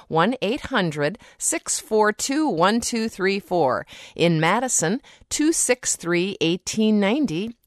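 A woman hosting a call-in radio talk show, chatty and quick to laugh while she interviews a guest. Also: mid-range voice, no echo, studio quality. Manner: friendly, laughs easily, chatty with fillers. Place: radio studio.

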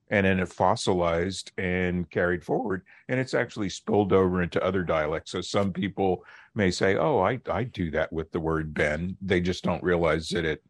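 A middle-aged man, a linguist guest on a radio interview, explaining in a measured, lecturing way and slowing down to stress key words. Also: low-pitched, no room sound.

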